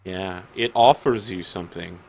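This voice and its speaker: A man narrating a tabletop game as game master in a dramatic, deliberate way. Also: deep voice, darkish tone, poor audio.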